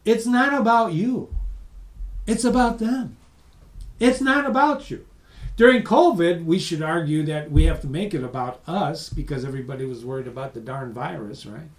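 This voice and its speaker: A man presenting a webinar as a lively, emphatic storyteller who speaks straight to his audience. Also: a little high, moderate pace, roomy sound. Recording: voice distant from the mic.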